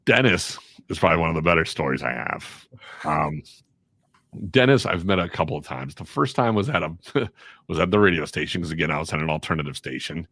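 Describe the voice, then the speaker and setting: Man, very deep voice, dry close sound, casual storytelling, acts out quotes. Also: brisk, no room sound. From Chicago area. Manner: animated anecdote-telling with voiced quotes. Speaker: guest voiceover artist and radio personality.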